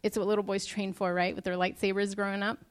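A woman's voice: medium pitch, level tone, fast, smooth. A young woman preaching a sermon to her church, earnest and emotional as she speaks to the congregation.

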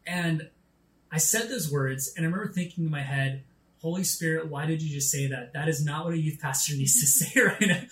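A man preaching a sermon, telling a story from his youth pastor days and acting out the dialogue with lively energy. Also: brisk, roomy sound. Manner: animated, acts out quoted dialogue with rising pitch.

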